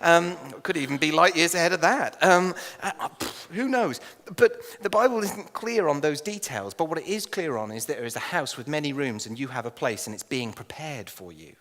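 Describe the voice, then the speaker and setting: An English man delivers a sermon with lively, jokey storytelling, slipping into acted asides and chuckles. His voice sits a little high for a man. Long reverb of a church hall trails behind him. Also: normal speed, hardly any pauses. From England. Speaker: minister.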